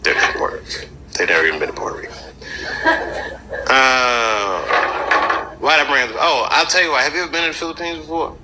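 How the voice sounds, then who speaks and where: A man's voice: mid-range voice, a little fast, pauses often, heavy background noise. A man doing a stand-up routine, telling loose stories and chatting with the crowd. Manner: loose storytelling with crowd work. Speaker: stand-up comedian. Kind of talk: stand-up routine played in a reaction video.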